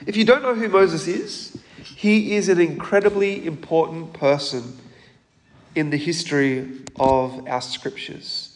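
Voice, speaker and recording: A man preaching a sermon in a church, measured and emphatic, asking the congregation questions. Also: on the high side, big-room sound.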